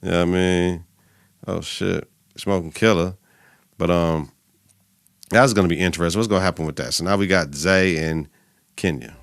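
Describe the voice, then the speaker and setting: Gravelly man recapping a TV episode. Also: low-pitched, normal speed, pauses often, no room sound. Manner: animated, profane retelling with quoted voices. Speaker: podcast host.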